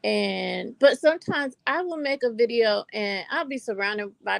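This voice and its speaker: Gravelly older North Carolina woman. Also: fairly high pitch, lively intonation, a little slow, few pauses, dry recording. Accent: North Carolina Southern American. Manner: chatty storyteller addressing viewers as y'all. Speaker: vlogger. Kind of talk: casual chat to camera.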